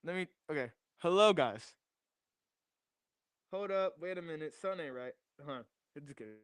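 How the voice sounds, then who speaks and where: Young male streamer, restless and repetitive; high-ish voice, smooth and clean on a dry close mic. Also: animated, unhurried, no room sound. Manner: restless, repeats phrases while fiddling with gear. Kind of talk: casual livestream chat. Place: home garage. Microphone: new desk microphone.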